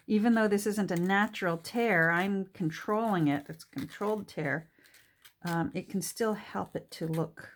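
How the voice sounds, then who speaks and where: A Canadian woman with a Canadian accent chats casually, musing aloud to herself as she works on a junk journal craft project. Her voice sits at a medium pitch and her pace is unhurried.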